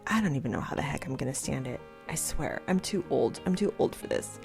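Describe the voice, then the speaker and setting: Chatty, animated middle-aged woman vlogger. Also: a bass voice, fairly quick, creaky, hardly any pauses, soft background music. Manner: giggly, chatty and animated, breaks into laughter. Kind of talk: casual commentary vlog.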